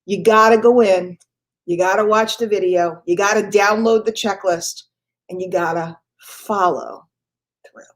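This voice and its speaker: A middle-aged woman giving an emphatic, energetic motivational morning talk to her business team, often laughing. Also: mid-range voice, unhurried. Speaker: network marketing trainer.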